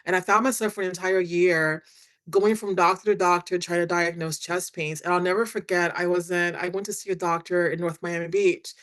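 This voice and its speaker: Middle-aged woman guest, chatty and animated storyteller, talks in quoted dialogue. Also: lowish voice, fairly quick. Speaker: guest, attorney and author. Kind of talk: candid storytelling in a podcast interview.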